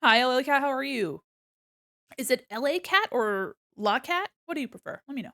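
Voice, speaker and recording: Chatty woman streamer with a lively voice. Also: high voice, normal speed, no room sound, clean studio sound. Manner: chatty, playful, drifts into hums and silly sounds. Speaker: art streamer. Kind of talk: casual live-stream chat while drawing. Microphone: desk mic on a mic arm.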